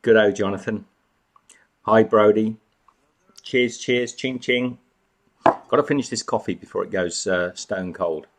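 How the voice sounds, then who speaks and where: A man's voice: fairly low pitch, measured pace, long pauses. A man hosting a casual live chat from home, greeting viewers by name and snacking as he talks. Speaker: live stream host.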